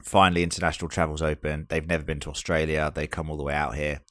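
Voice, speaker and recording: A man's voice: rumbling low, flat delivery, fast talker, fairly bright tone, no echo. A man in his thirties hosting a casual podcast chat, bantering and swearing freely. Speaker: podcast host.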